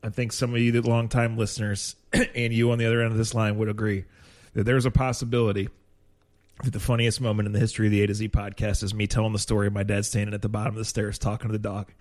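A man hosting a podcast, telling a story in a relaxed, easy way. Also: on the low side, quick pace. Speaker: podcast host. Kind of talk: casual podcast chat.

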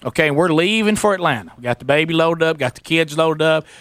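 A man, hosting a talk radio show and telling a story in a lively way, acting out the people in it. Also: fairly high pitch, fast, no echo. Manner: animated, acts out quoted voices, sarcastic. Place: radio studio.

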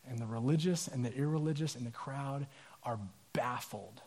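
A male pastor preaching a sermon in a casual, animated storytelling manner with asides. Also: mid-range voice, normal speed.

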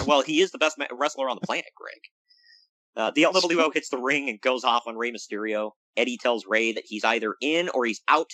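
A man's voice: a little fast, dry recording, poor audio. A man co-hosting a casual podcast, recapping wrestling with jokes and big swings in emphasis. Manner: animated, jokey, swings pitch for emphasis. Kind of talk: casual chat.

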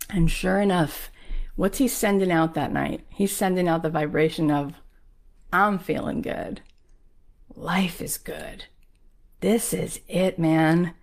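A woman giving a motivational talk, telling a story with lively acted-out quotes. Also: on the low side. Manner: animated, acts out quoted lines. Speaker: speaker on manifesting.

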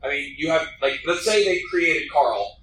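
A man's voice: fairly high pitch, lively intonation, moderate pace, bright, forceful tone, slight background noise. A man who works at a zoo, talking animatedly on a live panel and laughing often. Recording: echoey room, distant mic.

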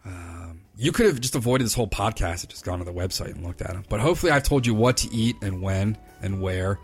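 A man's voice: lowish voice, lively intonation, fast talker, breathy edge, soft background music. A man hosting his own podcast, telling rambling, enthusiastic stories in casual chat. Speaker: podcast host, fly fishing consultant. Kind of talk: casual solo podcast talk. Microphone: computer recording.

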